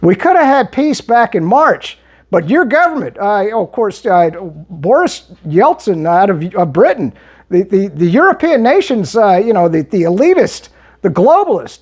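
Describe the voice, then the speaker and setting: A man's voice: high voice, big pitch swings, normal speed, breathy edge. A man giving a heated, argumentative monologue as he answers viewer comments, often restarting his sentences. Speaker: political commentary vlogger.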